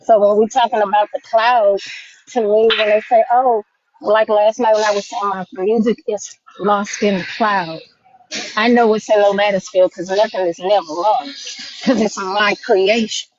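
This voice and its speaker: Woman guest thinking out loud on a podcast, rambling on, kinda muffled lo-fi sound. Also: mid-range voice, steady tone, moderate pace, a little hiss or hum. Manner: musing, rambling, thinking aloud. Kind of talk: casual chat. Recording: muffled lo-fi audio.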